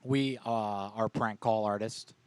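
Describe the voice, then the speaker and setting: A man's voice: on the low side, steady tone, slow, smooth. A man hosting a comedy prank-call podcast, talking loosely and swearing casually. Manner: loose, profane, joking. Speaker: podcast host and prank caller.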